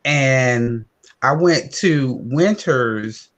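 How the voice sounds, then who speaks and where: Slow, emphatic man with lively pitch. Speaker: panel guest. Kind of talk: casual panel talk.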